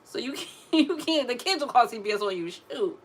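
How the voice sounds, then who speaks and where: A woman, telling parenting stories in a sassy, animated way, like a casual talk to camera. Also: fairly high pitch, normal speed. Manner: sassy, animated storytelling, drawling asides. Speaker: mother vlogging about parenting.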